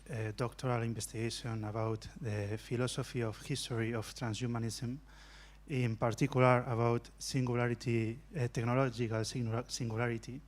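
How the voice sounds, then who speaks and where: A man from Spain with a Spanish accent, a doctoral student asking a conference question in a hesitant, apologetic way. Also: medium pitch. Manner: hesitant, apologetic, many fillers.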